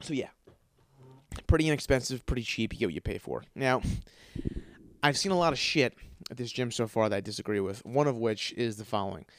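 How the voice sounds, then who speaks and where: A man hosting a podcast from his apartment, ranting with constant swearing, stuttering and repeated words, jumping between yelling and mumbling. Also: mid-range voice, a little fast, pauses often, no room sound. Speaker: podcast host. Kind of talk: profane ranting monologue. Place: his apartment, in a dark room. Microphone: studio microphone.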